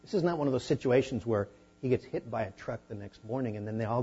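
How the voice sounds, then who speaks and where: Pastor guy teaching from the bible, husky voice, kinda muffled lo-fi recording. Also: medium pitch, fast talker. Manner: conversational teaching, rising to animated emphasis. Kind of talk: sermon.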